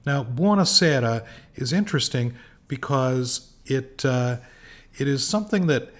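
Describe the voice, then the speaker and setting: A man giving an informal pronunciation lesson, slow and patient, with frequent fillers, repeating each word for practice. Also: mid-range voice, animated. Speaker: language teacher.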